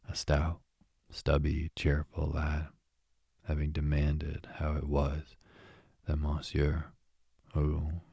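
A man reading a classic novel aloud as a calm bedtime story, in a soft and even way. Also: extremely low pitch, slightly rough, no room sound, clean studio sound.

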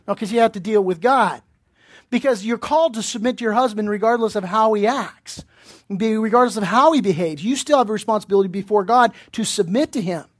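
A man's voice: high-pitched, fairly quick. A man preaching a sermon as pastor, earnest and direct, putting pointed questions to his listeners and often restarting his words. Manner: earnest, repeats himself while searching for words, asks pointed questions.

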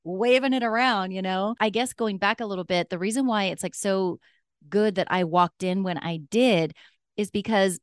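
A woman's voice: medium pitch, moderate pace, clean tone, no echo, studio quality. A young woman casually telling a personal story, chatty and full of "like" fillers. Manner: chatty, many "like" fillers, acts out quoted dialogue.

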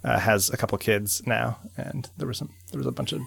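A man co-hosting a podcast in casual, halting chat, often restarting his sentences. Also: medium pitch, gravelly, a bit bright, husky. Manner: hesitant, restarts and trails off. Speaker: podcast co-host.

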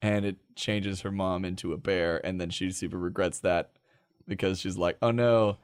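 A man's voice: low-pitched, flat delivery, moderate pace, smooth, no echo, clean studio sound. A man co-hosting a live stream in casual chat, talking loosely, laughing often and acting out quotes.

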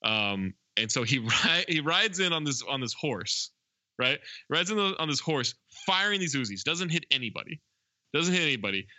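A man's voice: a little high, very animated, normal speed, sharp tone, no room sound, dull audio. A man co-hosting a podcast, casually recapping a movie plot in a rambling way with lots of fillers. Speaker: podcast co-host.

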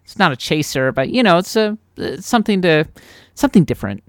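A woman's voice: lowish voice, big pitch swings, a little fast, dry recording, studio quality. Chatty Midwestern woman podcast co-host. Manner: chatty, enthusiastic, self-deprecating. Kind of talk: casual podcast chat.

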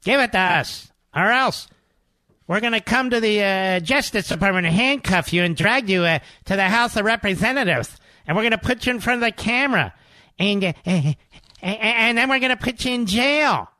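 A man's voice: lively intonation, normal speed, sharp tone, dry recording. A man putting on a whiny, taunting voice of boastful male politicians, making threats with stumbling fillers. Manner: high sneering mock voice, stumbling threats.

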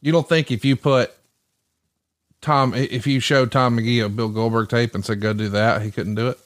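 A man's voice: mid-range voice, fairly even intonation, normal speed. Chatty man hosting a podcast. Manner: chatty storyteller, laughs a lot. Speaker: podcast host. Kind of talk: casual podcast chat.

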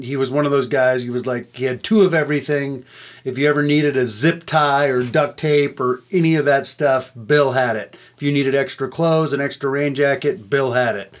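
A man co-hosting a podcast, telling relaxed, joking stories in casual chat. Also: medium pitch. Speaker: podcast co-host.

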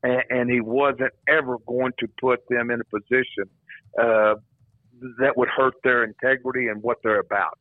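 A man's voice: mid-range voice, fairly even intonation, moderate pace, dry recording. An older man, a former football coach, telling stories as a radio guest and repeating his words as he rambles. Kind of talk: phone-in radio interview, storytelling. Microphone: phone. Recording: tinny phone line, dry.

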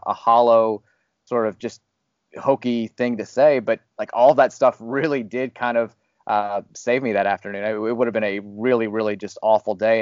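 A man's voice: mid-range voice, no room sound. Man podcast host, candid and rambling, dry close mic, slightly dull sound. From Louisville, Kentucky area. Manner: candid, rambling, self-deprecating with laughs. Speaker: podcast host, fired radio host. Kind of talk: casual podcast chat.

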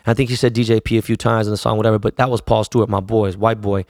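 A man's voice: lowish voice, flat delivery, rapid-fire, hardly any pauses, a little mellow, dry recording, clean studio sound. A man, a DJ telling stories casually in profane, laid-back street slang. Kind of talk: casual storytelling.

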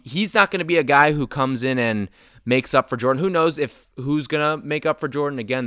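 Animated young man hosting a dry sports show. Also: smooth, no room sound. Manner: animated, excitable, jumps in pitch when worked up. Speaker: sports talk show host. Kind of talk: casual sports talk.

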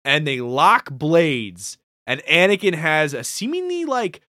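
Lively, excitable podcast co-host man. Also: fairly high pitch, measured pace, no room sound, studio quality. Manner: excitable, swears freely, retells scenes. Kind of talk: casual recap chat.

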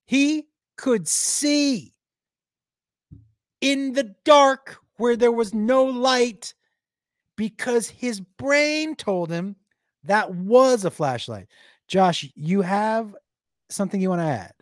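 A man telling a wild stand-up story to a crowd, swearing freely and swinging between loud bursts and near-whispers. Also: very high voice, slow, long pauses, no room sound, studio quality. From Texas. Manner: animated, profane, swings loud and quiet.

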